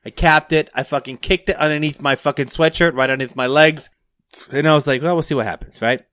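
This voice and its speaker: A man's voice: fairly high pitch, fairly even intonation, quick pace, fairly bright tone, no room sound, studio quality. A young adult man telling a story in casual, profane podcast talk. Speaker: podcast host.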